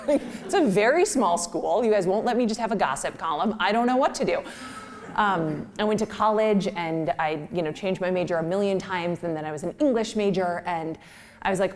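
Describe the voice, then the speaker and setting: A woman's voice: on the low side, lively intonation, a little fast, slight background noise. A woman from Minnesota, a writer telling a personal story in a chatty, self-deprecating way. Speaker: writer giving a talk.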